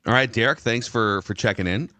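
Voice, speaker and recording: A man's voice: lowish voice, a little fast, sharp tone, dry recording. A man hosting a sports talk podcast, loose and analytical, a little rambling. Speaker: podcast host.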